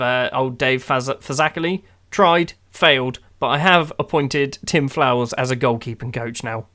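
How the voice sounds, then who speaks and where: A man's voice: fairly high pitch, pushed and bright. A man giving wry, exasperated play-by-play of his own football management game. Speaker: gaming YouTuber. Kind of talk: casual game commentary.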